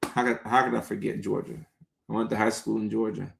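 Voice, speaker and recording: A man with a gravelly, creaky voice and middling pitch hosts a casual live stream, answering viewer comments in a loose, chatty way. He laughs easily and keeps the talk relaxed. The sound carries a noticeable room echo. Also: normal speed, pauses often.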